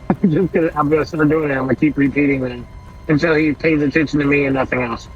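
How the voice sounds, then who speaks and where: A man playing a tabletop game, describing his character's actions in a relaxed way. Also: on the high side, fairly quick, highs cut off, faint music behind. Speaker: player. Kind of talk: tabletop role-play.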